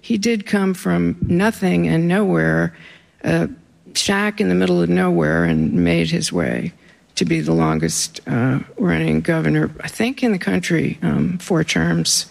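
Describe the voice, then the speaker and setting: An author reading memoir pieces aloud to a live audience, with wry, deadpan asides between passages. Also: mid-range voice, unhurried, gravelly. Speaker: author reading their own writing.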